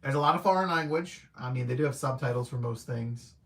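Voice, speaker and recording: A man's voice: medium pitch, a little fast, a bit bright. A man giving a casual, rambling spoken movie review. He hesitates, leans on filler words, and chuckles at his own remarks. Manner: rambling and hesitant, heavy use of "like" and "I don't know"; laid-back and conversational. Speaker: film reviewer.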